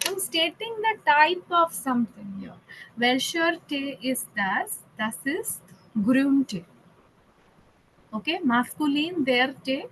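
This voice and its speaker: A woman's voice: high voice, very animated, slow, fairly bright tone, slight background noise, low-quality recording. A woman teaching a German class online, explaining grammar patiently in English and German and often checking with "okay". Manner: switches between English and German.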